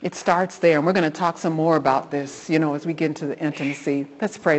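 A woman's voice: deep voice, quick pace, few pauses, slight background noise. Woman host preaching about loving god, gets fired up, echoey. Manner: fervent, preachy, rises into excited exhortation. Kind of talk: Christian devotional talk.

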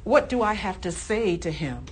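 A woman's voice: mid-range voice, sing-song, moderate pace, slight background noise. A woman leading an informal Bible study, speaking fervently and often exclaiming.

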